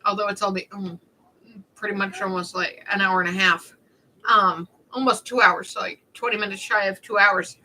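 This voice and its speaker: A woman's voice: medium pitch, fairly even intonation, moderate pace, bright, forceful tone, poor audio. A young woman chatting casually on a livestream, telling rambling stories in a snarky, talkative way.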